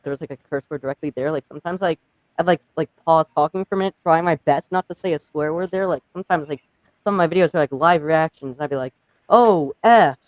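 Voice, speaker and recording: A man's voice: on the high side, no room sound, rough recording. A young man hosting a live stream, chatting casually and rambling with many "like"s. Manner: rambling, heavy use of "like". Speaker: channel host.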